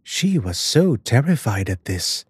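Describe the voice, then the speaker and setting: Husky, slow man narrating a dark fairy tale. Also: mid-range voice, big pitch swings, no room sound, clean studio sound. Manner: measured, dramatic storytelling.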